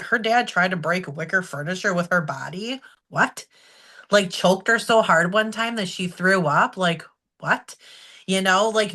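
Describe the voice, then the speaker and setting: A woman's voice: medium pitch, a bit bright. A woman in her forties, a podcast host, telling her own story in an open, emotional, chatty way. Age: 40s. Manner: open, emotional, conversational with frequent "like" fillers. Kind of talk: candid personal storytelling.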